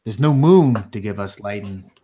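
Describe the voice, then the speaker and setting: A man voices a blunt, matter-of-fact male companion in a tabletop game, set slightly low. He mutters his words plainly. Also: lively intonation, normal speed, dark tone, breathy edge. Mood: urgent.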